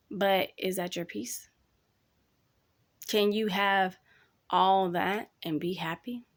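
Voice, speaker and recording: A young woman hosting a casual advice talk, speaking candidly and chattily, addressing listeners as y'all. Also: medium pitch. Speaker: podcast host.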